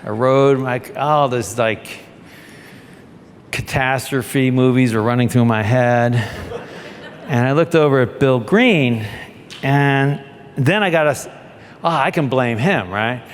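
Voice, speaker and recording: A man giving a keynote talk as a former submarine captain, animated and acting out the voices in his story. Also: slow, pauses often. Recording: long hall reverb with faint rumble.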